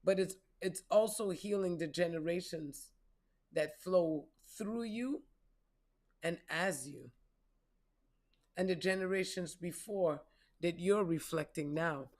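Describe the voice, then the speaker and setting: A woman's voice: on the low side, slow, pauses often, a little mellow. Profane, preachy woman doing a spiritual reading. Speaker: spiritual reader.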